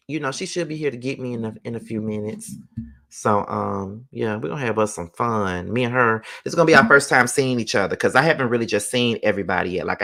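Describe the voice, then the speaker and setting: Bright-voiced ranting male vlogger. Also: mid-range voice, creaky. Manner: heated, profane, repetitive rant. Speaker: vlogger host. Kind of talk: casual ranting vlog commentary. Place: at home.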